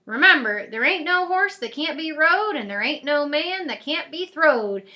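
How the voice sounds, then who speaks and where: A woman voicing a brisk, bossy old cowgirl fairy godmother with a folksy Western drawl. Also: high-pitched, lively intonation, bright, forceful tone. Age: older.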